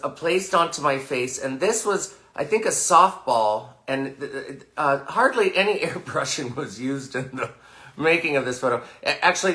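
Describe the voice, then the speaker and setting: A man performing in drag, hosting a campy livestream sales pitch with sassy, crude deadpan jokes. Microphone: phone livestream.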